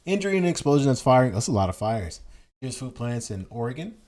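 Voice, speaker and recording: In a mid-range, slightly mellow voice, a political commentary streamer talks fast and very animatedly. He reads headlines aloud while ranting casually, often stumbling and starting over. Repetition is his tool for hammering points home.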